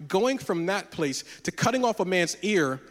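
A man preaching a sermon as a pastor, telling personal stories in an animated way and acting out the dialogue. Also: high voice, normal speed, long reverb tail.

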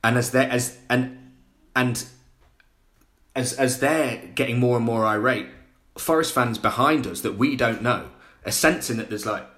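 Animated man telling a story. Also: mid-range voice, unhurried. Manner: animated storyteller, acting out other people's voices. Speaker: podcast guest. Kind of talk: casual anecdote telling.

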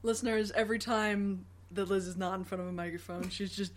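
A woman's voice: mid-range voice, steady tone, fairly quick. A woman co-hosting a podcast in casual chat, joking, often laughing and swearing freely. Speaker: podcast co-host.

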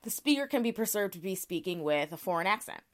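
A woman's voice: mid-range voice, expressive, fast talker. Chatty woman podcast co-host. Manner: chatty, many fillers and restarts, explains a case step by step. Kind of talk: casual conversational explaining.

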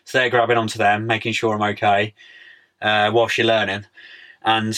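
A man's voice: lowish voice, completely flat delivery, moderate pace, a bit bright. A young man chatting casually as a podcast guest, laid-back, full of slang and "mate". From United Kingdom. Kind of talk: casual interview chat.

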